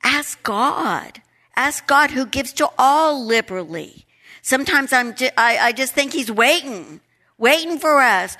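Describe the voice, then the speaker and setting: Middle-aged woman, Bible study teacher, bright voice, unhurried, emphatic. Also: high-pitched. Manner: animated, emphatic, repeats key words. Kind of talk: Bible study lesson with prayer and scripture reading.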